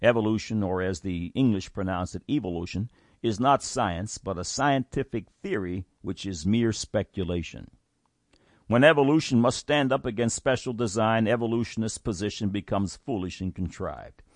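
A man's voice: fairly low pitch, normal speed, no echo, studio quality. A man reading a scripted Bible teaching, earnest and emphatic, quoting scripture aloud. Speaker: Bible teaching show host.

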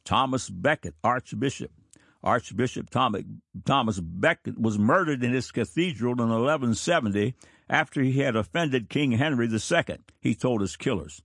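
A man in his fifties, a country church pastor, giving a sermon in a slow, deliberate and solemn manner. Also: lowish voice, animated, no echo, clean studio sound. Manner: slow, deliberate, solemn delivery with drawn-out words. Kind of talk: sermon reading of quotations.

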